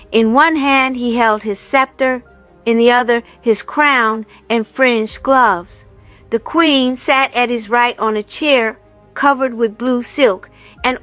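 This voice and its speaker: A woman's voice: on the high side, fairly bright tone. Woman reading a fairy tale aloud. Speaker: storyteller. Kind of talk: storybook reading.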